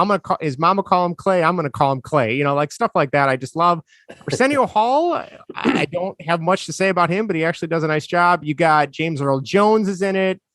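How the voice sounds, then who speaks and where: A man with a strong Chicago accent, a touch higher-pitched than most men, talking through favorite things in a loose, rambling way. He laughs easily and keeps circling back to details. The sound is dry and close, with no room around it. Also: fairly bright tone, no room sound. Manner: enthusiastic, rambling, laughs often. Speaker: podcast co-host. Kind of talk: casual chat.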